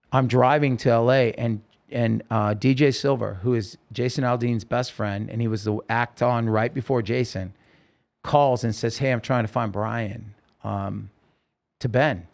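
A man's voice: medium pitch, creaky. A man telling his story as a podcast guest, rambling and emotional, with many fillers. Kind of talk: casual storytelling interview.

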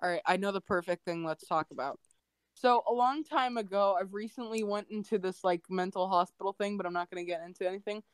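A woman's voice: medium pitch, fast, smooth, no room sound. A young woman chatting on a casual podcast, telling rambling stories full of restarts and quoted voices. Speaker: podcast co-host. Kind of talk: casual chat.

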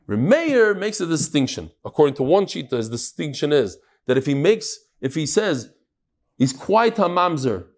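Animated man teaching Talmud. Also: high voice. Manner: animated, acts out quotes, swings between loud and soft. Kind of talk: classroom Gemara lesson.

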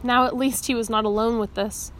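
A woman reading a children's novel aloud, expressive, giving the dialogue its own voices. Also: on the high side, a little fast, slight background noise. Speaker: audiobook reader.

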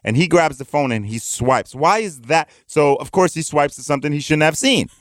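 A man co-hosting a podcast in casual banter, animated and profane, teasing his partner. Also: a little high, moderate pace, no room sound, studio quality. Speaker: podcast co-host.

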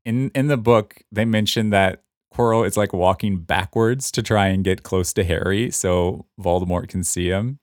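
A man hosting a casual podcast, explaining in a relaxed way and laughing easily. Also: low-pitched, moderate pace, few pauses, dry recording, clean studio sound. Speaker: podcast host, book fan.

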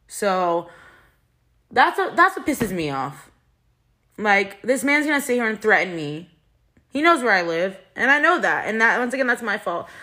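A woman's voice: medium pitch, sharp tone. A young woman venting in a personal vlog, heated and frustrated, swearing often and rambling with restarts. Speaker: vlogger.

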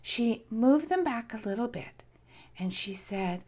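A woman narrating a children's story, softly and often in a whisper. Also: fairly high pitch, husky. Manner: soft, often whispered, slow and animated.

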